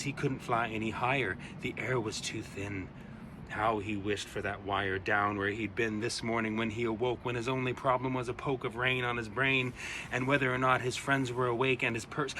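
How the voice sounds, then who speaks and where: A man reading his own rhyming children's poem aloud, with an expressive, rhythmic delivery. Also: medium pitch, noisy background. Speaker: storyteller.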